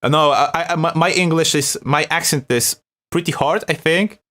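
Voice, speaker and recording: A man's voice: on the high side, normal speed, pushed and bright. A young man from Poland with a Polish accent, hosting a live beat-making stream in a loose, chatty way, reading chat aloud and laughing often. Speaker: beat-making livestream host.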